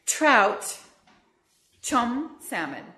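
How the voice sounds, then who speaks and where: A woman's voice: fairly high pitch, big pitch swings, drawn-out words, bright, forceful tone. Chatty American woman lecturing in a roomy hall. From USA. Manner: chatty, enthusiastic, repeats words for the audience. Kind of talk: public lecture. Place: lecture room.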